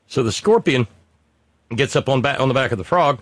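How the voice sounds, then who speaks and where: A man guest in a political talk who stumbles over his first words, then tells things in a measured way. His voice rises and falls a lot. The sound is dry and close. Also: medium pitch, animated, dry recording. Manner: stammering, measured storyteller. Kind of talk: political discussion.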